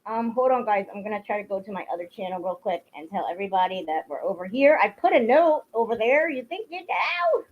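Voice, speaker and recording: A woman's voice: medium pitch, sing-song, fairly quick, few pauses. A woman hosting a casual livestream, greeting viewers by name and venting bluntly with plenty of swearing. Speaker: livestream host. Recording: dull lo-fi stream audio.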